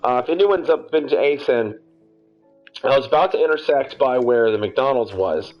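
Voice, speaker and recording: A young man hosting a podcast, telling a long story in a casual, rambling, animated way and swearing freely. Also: medium pitch, moderate pace, soft background music. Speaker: podcast host. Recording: dull lo-fi audio.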